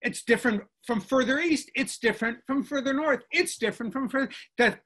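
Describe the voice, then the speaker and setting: An older man, a guest linguistics professor, explaining in a lively, discursive way on a video call and often checking in with "right?". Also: very high-pitched, fairly quick.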